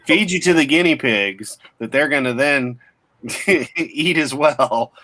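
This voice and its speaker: A man's voice: medium pitch, lively intonation, takes it slowly, bright, forceful tone, poor audio. A man in casual chat, cracking crude jokes. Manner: joking, crude banter.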